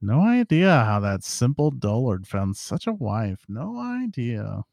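A man's voice: medium pitch, sing-song, slow pace, gravelly, darkish tone, no room sound, studio quality, exaggerated voice. A man voicing gossiping old women in black in a tabletop game, muttering curt, sly replies. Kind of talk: tabletop game role-play.

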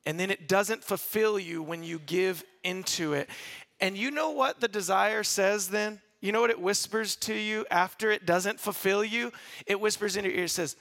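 A man preaching a sermon to a congregation in a relaxed, conversational way, restarting phrases and drawing the crowd in. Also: high voice, moderate pace. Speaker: pastor.

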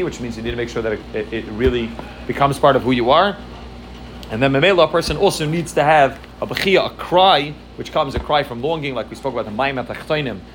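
A man's voice: medium pitch, a bit bright, a little hiss or hum. A man teaching a religious class, earnest and repeating words as he searches for his phrasing. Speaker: Torah teacher.

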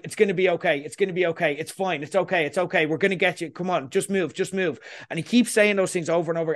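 A man hosting a casual podcast discussion, talking in an animated way and often asking "you know what I mean". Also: on the high side. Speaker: podcast host.

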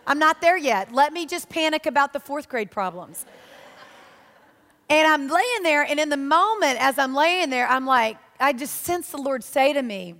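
A woman giving a sermon, telling stories in a lively, self-mocking way. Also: high-pitched, normal speed. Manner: animated, self-mocking storytelling. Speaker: church speaker. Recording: long reverb of a large hall.

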